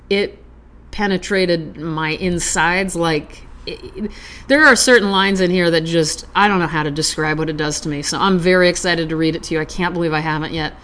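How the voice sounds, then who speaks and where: Woman podcast host, lower register, relaxed chatty delivery that slows into a measured poetry reading. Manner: chatty, self-aware, calm. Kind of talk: casual chat then poetry reading. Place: Los Angeles.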